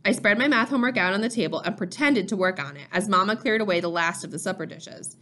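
A woman reading a first-person novel aloud in a steady, measured storytelling voice. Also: mid-range voice, slight background noise. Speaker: audiobook reader. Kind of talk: first-person scripted narration.

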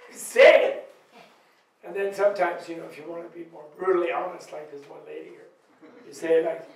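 High-voiced man giving a laughing dharma talk. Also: brisk. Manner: animated storytelling, laughs often, acts out quoted voices. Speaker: Buddhist teacher. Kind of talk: informal dharma talk at a retreat. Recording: echoey room recorded from far off.

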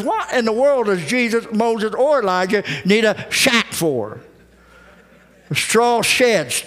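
A man's voice: high-pitched, lively intonation, a little slow, fairly bright tone, big-room sound. A man preaching a folksy sermon as pastor, acting out the voices he quotes. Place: church sanctuary.

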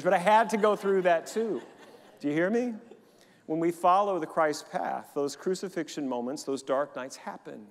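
A man preaching a sermon to his congregation, leading them in call-and-response. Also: on the high side. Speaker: pastor. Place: church sanctuary during a service. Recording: long hall reverb in a church.

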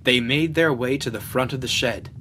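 A man's voice: medium pitch, normal speed, bright, forceful tone, a little hiss or hum. A man reading a children's train story aloud in a storyteller style. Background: background music.

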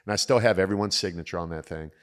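A man's voice: deep voice, rapid-fire. A middle-aged man hosting a casual chat, telling stories and acting out the quotes. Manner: animated storyteller acting out quotes. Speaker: podcast host.

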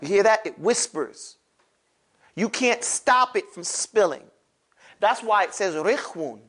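A man's voice: sits high, expressive, slow pace, a bit bright. A man teaching a classroom lesson on pronouncing letters for Quran recitation, animatedly drilling his class to repeat sounds aloud.

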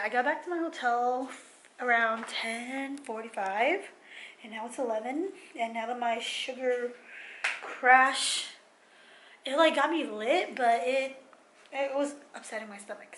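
A woman's voice: fairly high pitch, fairly bright tone, low-quality recording. Chatty young woman vlogging outdoors. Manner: chatty, slangy, laughs often. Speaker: travel vlogger. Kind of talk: casual travel vlog. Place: outdoors on a tourist strip and by a pier. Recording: outdoor ambient noise behind.

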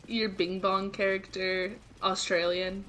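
A woman's voice: mid-range voice, little pitch movement, measured pace, a bit bright, a little hiss or hum. A woman co-hosting a game stream, giggling often and giving the player directions in casual chat.

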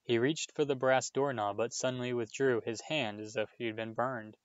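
A man's voice: medium pitch, fairly even intonation, normal speed, no room sound, muffled recording. A man reading a children's novel aloud, plain storytelling that lifts for the dialogue. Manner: plain storytelling with small restarts, lifting his voice for dialogue. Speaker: audiobook reader.

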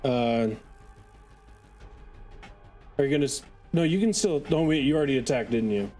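A man serving as game master in a tabletop session, calmly tallying movement and describing what the enemies do. His voice sits at an ordinary middle pitch. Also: fast talker, soft background music. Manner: calm, counts out movement, narrates enemy actions.

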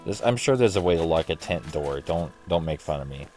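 Deep-voiced guy playing a game and rambling, sarcastic, swears a lot, bit of music in the back. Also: lively intonation, brisk, darkish tone. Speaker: gaming streamer. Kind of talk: casual let's play commentary.

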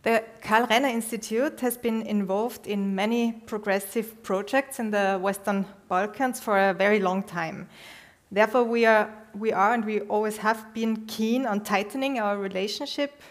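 Woman moderator, formal and measured, event intro. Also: medium pitch, steady tone.

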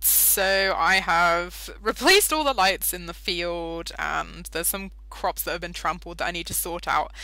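Bright chatty British woman gamer. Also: fairly low pitch, no echo. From Britain. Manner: chatty, giggly, easily sidetracked. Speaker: Minecraft let's-play host. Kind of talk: casual gameplay commentary.

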